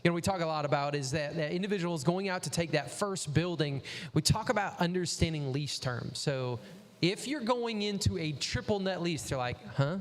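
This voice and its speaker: High-voiced male host giving advice. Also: expressive, moderate pace, long reverb tail. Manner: advice-giving, plays out quoted exchanges. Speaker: interviewer host. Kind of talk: casual chat.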